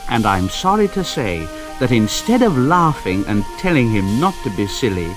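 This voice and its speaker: A man reading a children's storybook aloud in a slow, expressive way. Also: medium pitch. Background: background music.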